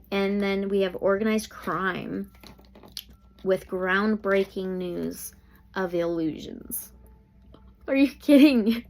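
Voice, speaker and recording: Slow-talking woman reading tarot. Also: mid-range voice. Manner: animated, exclaiming, thinking aloud. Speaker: tarot reader.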